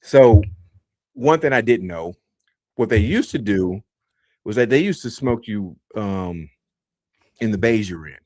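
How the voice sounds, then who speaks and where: Low, animated man telling a story. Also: measured pace, long pauses, no echo, clean studio sound. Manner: animated, acts out quotes with big pitch jumps; repeats and restarts often. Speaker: podcast host. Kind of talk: casual storytelling.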